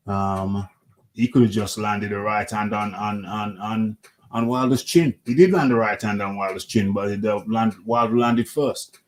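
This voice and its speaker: A man's voice: mid-range voice, darkish tone. A British man hosting a casual boxing talk show, repeating himself as he makes emphatic points. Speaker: boxing podcast host.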